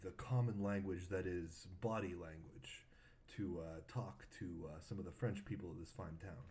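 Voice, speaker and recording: A man's voice: deep voice, moderate pace, mellow. A man on a comedy talk show, guest talking in an earnest, rambling, slightly dim tough-guy way. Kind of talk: comedic interview chat. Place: metro station underground, by his own account.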